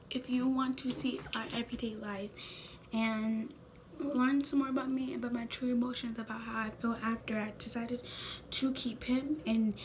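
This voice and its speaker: Young woman, 19, vlogger; high-pitched, unhurried, soft and whispery, faint background noise. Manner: soft, tearful, often breathy and whispery. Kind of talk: emotional personal vlog.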